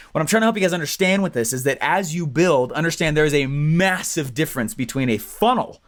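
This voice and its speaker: A man teaching an online business training, talking fast and animated, often checking in with "right?" and "okay?". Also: on the high side. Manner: fast, animated, acts out quoted clients; keeps tagging lines with "right?" and "okay?". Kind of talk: energetic training talk to viewers.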